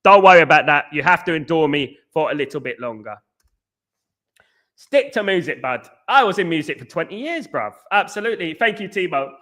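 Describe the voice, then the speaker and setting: A man's voice: fairly high pitch, expressive, a little fast, sharp tone. A man hosting a casual live stream, reading out comments and answering in a rambling, jokey way that repeats phrases. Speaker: host.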